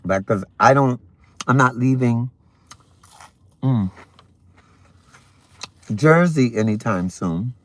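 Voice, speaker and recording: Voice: mid-range voice, takes it slowly, long pauses. A livestream host chatting casually with viewers during a morning stream, eating breakfast while talking, with sassy, playful asides. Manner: chatty, talks to viewers between bites of breakfast.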